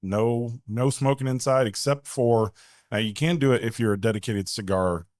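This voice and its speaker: A man's voice: medium pitch, normal speed, darkish tone, dry recording, clean studio sound. A man co-hosting a casual podcast, chatty and joking. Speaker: podcast co-host. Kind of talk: casual chat.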